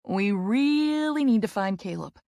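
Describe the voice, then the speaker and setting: A woman's voice: mid-range voice, animated, measured pace, dark tone, dry recording. Woman playing a bossy, sassy best friend in a storybook, dry close sound.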